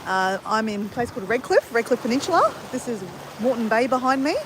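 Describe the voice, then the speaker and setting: Woman, Australian accent, upbeat live-stream chat, slightly high voice, outdoors at a beach, faint surf in the background. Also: big pitch swings, fast, background noise. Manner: chatty, upbeat, greets viewers by name.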